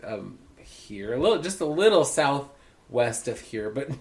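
A man's voice: fairly high pitch, very animated, moderate pace. A man from Oregon who hosts a podcast and performs drag, telling joking stories in casual chat. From Oregon, USA. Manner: chatty, joking storyteller.

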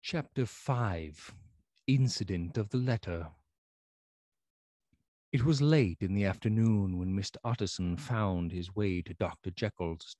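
Deep-voiced man narrating a classic tale. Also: dark tone, no room sound. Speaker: audiobook narrator. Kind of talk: scripted narration of a classic novel.

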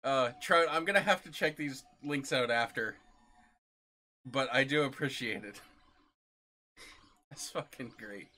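A man's voice: medium pitch, unhurried, long pauses, pushed and bright, a little hiss or hum. A man streaming a video game, chatting casually and laughing easily as he plays. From United States. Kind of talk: casual gameplay commentary. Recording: music playing behind.

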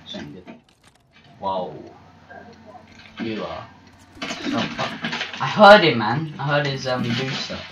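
A man giving live gameplay commentary, excitable and chatty as he reacts aloud to each kill. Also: mid-range voice, very slow, long pauses, very noisy. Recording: roomy with loud game music.

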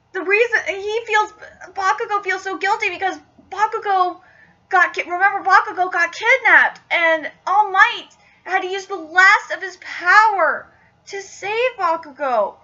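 A young woman with a very high, bright voice reacts to manga on a live vlog. She gushes and swears freely in an excitable rush, and the recording sounds dull and lo-fi. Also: normal speed.

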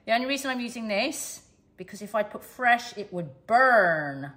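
A woman's voice: fairly high pitch, expressive, moderate pace, roomy sound, a crowd in the background. A middle-aged Englishwoman casually demonstrating a recipe in a home kitchen, explaining as she goes. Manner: chatty, explains as she cooks. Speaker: cooking show co-host.

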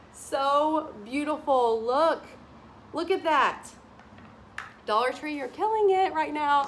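Talking casually to the camera, this woman vlogger drawls her way through a shopping haul. She sounds a bit high-pitched and giddy, rushing excitedly to praise every piece, and there's a faint hiss or hum in the recording.

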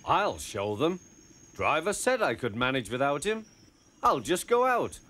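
Man playing a mischievous little engine, higher voice, sing-song, faint music. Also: very animated, measured pace, sharp tone, heavily acted. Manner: mischievous, chuckling. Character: cheeky, boastful little male tank engine.

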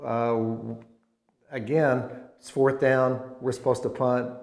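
A man in his sixties looks back on his college football days in a loose, rambling way, often restarting mid-sentence and getting animated at the highlights. His voice sits at an ordinary middle pitch and carries a noticeable roomy echo. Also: slow. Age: 60s. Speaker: former college football player, alum guest. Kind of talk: casual interview, reminiscing.

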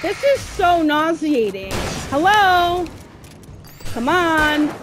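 A young woman giving let's play commentary on a horror game, exasperated and complaining, shouting at her character. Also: sits high, animated, takes it slowly, background noise. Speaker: gamer playing a horror game.

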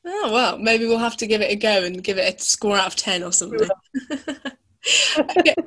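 A woman hosting a travel podcast, upbeat and quick to laugh and agree with her guest. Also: medium pitch, expressive, a bit bright. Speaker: podcast host. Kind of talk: casual interview chat.

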